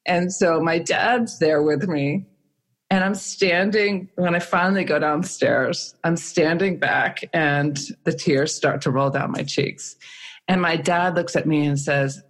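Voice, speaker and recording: A woman's voice: low-pitched, measured pace. A middle-aged woman telling a frank personal story in casual conversation, self-mocking and acting out what people said. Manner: frank, self-mocking, with frequent laughs and acted-out quotes.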